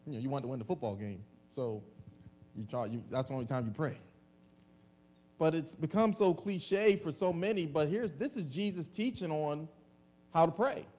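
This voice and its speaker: A male pastor delivering a lively, humorous sermon to a congregation, acting out comic voices. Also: on the high side. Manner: animated preaching with comic voices and laughter.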